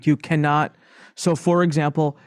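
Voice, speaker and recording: A man's voice: on the high side, clean tone, no echo, studio quality. A man guest on a podcast, telling candid stories in a self-mocking way, joking and laughing as he goes. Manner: animated, self-mocking, jokes and laughs often; frequent fillers and restarts, quick asides. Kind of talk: candid conversational storytelling.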